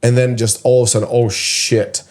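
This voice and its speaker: A man's voice: medium pitch, flat delivery, a little fast, darkish tone. A man hosting a casual podcast, talking loosely and chattily and laughing easily. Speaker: podcast host.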